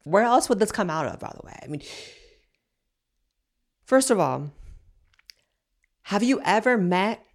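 A woman's voice: medium pitch, very animated, a little slow, long pauses. A woman hosting an opinionated commentary show, talking in a blunt, sarcastic, ranting way.

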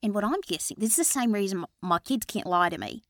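A woman's voice: mid-range voice, expressive, quick pace, no room sound, studio quality, natural voice. A woman playing a suspicious former FBI agent who now leads a mothers' group, talking in a conspiratorial way that often drops to a whisper. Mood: probing. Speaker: improv guest. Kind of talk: improvised comedy character.

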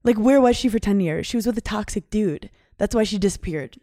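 A woman's voice: mid-range voice, brisk, warm tone, dry recording, studio quality. A woman in her thirties, a podcast guest talking candidly in casual chat, swearing often and full of "like" fillers.

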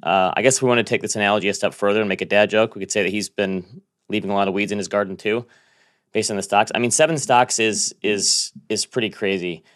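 A man hosting a casual finance podcast, talking in a quick, joking, conversational way and telling stories. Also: lowish voice, steady tone, a bit bright. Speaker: podcast host.

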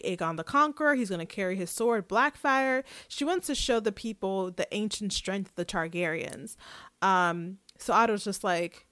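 A woman's voice: mid-range voice, no room sound. A woman co-hosting a casual podcast, recapping a show in a chatty way and laughing often. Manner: chatty, laughs often, animated when retelling scenes. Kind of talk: casual chat.

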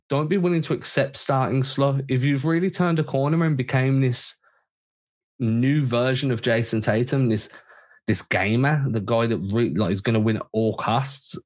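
A man co-hosting a casual sports podcast, talking in an animated, opinionated way with frequent restarts. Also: medium pitch. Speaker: podcast co-host.

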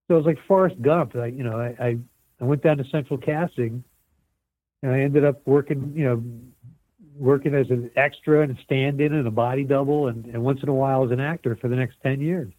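An older man, a set medic and former film extra, telling rambling, animated stories in a casual interview. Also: medium pitch, a little fast, no room sound. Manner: rambling animated storyteller with many restarts. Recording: tinny phone-like line.

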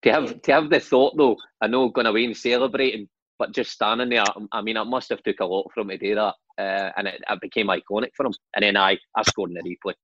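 A Scottish man in his forties, a former footballer, telling animated anecdotes on a podcast with laughs and swearing. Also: on the low side, fast, highs cut off, noisy background. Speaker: guest, former footballer and manager. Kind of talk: casual storytelling chat.

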